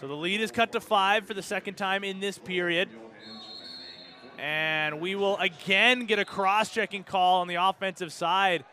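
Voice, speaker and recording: A Canadian man calls a lacrosse game play by play in a brisk, running commentary. His voice sits a little high for a man, with a bright, forward edge. He rises sharply whenever a shot is saved or a goal goes in. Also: fairly even intonation.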